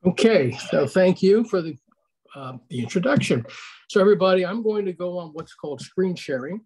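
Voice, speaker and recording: A man's voice: high voice, animated, fairly quick, a little mellow, slightly rough. An older man giving a conversational online history lecture over a video call, putting questions to his audience.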